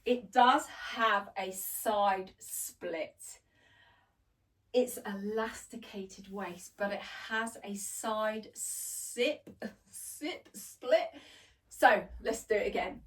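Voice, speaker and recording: Chatty woman, slow gushing vlog. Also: mid-range voice, recorded from a distance. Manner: chatty, gushing, self-deprecating, laughs often. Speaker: fashion vlogger. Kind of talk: casual try-on haul chat. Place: home, indoors.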